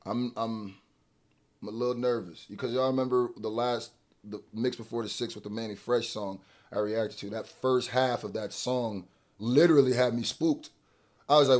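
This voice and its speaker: Excitable man reacting to music. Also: fairly high pitch. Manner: excitable, swings between hype and mumbled asides. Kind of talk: casual album reaction commentary.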